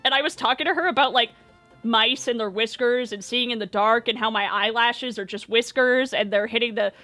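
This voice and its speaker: A young woman chats away on stream with a high, lively voice, spinning a rambling, self-deprecating story and breaking into laughs. Her tone is bright and forward, with soft music playing low behind her. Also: fairly quick.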